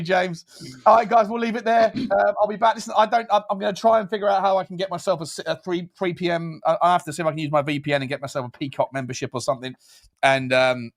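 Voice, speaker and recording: A man hosting a casual fan talk show, bantering, laughing a lot and swearing freely. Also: sits high. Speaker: podcast host. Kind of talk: casual fan phone-in chat.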